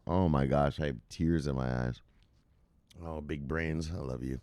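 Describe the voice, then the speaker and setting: A man's voice: extremely low pitch, measured pace, dark tone, no echo. A man hosting casual crypto news commentary, reading headlines aloud and rambling off into laughing, profane asides.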